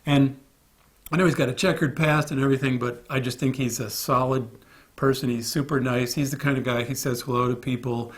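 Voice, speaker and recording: A man recalls his days on a film set in a relaxed interview. He tells it as a lively anecdote, bouncing into other people's voices as he quotes them, with his own voice sitting at an ordinary mid pitch. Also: a little fast. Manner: animated storyteller acting out quoted voices. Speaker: film crew member recalling a production.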